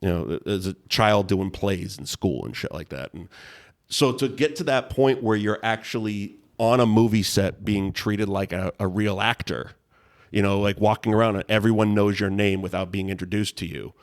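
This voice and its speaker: A man's voice: fairly low pitch, normal speed. A man, a guest telling long, rambling anecdotes in casual chat, full of restarts and laughs. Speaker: guest storyteller.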